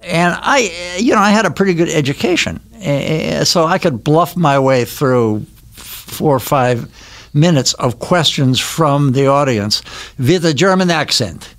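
A man's voice: on the high side, expressive, measured pace, a bit bright. Older man reminiscing in a studio. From Milwaukee, Wisconsin. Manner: reminiscing, anecdotal storyteller. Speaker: podcast guest. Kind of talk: casual interview chat. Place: recording studio.

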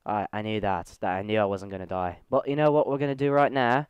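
A man's voice: fairly low pitch, little pitch movement, fast talker, clear, resonant tone, no room sound. A man with a Southern US accent giving chatty, goofy let's play commentary, talking straight to his viewers. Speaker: gaming channel host.

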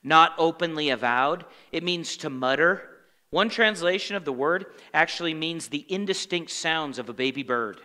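A man teaching scripture from the pulpit, his voice bright and lively, swinging from pointed questions to low, muttered impressions of complainers. The sound carries a long church-hall reverb. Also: normal speed. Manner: asks the congregation fill-in questions, animated and conversational; acts out grumbling complainers in muttered asides. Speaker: pastor. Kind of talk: Bible study sermon. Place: church sanctuary.

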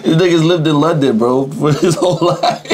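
A man's voice: a little high, normal speed, very noisy. A young man talking casually as an interviewee, in loose, slangy speech and often breaking into laughter. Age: young adult. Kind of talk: casual chat.

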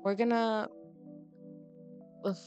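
A woman's voice: a little high, flat delivery, slow pace, darkish tone, lo-fi sound, soft background music. A woman giving casual, chatty gameplay commentary as a let's play host, dramatic and exasperated as she reacts.

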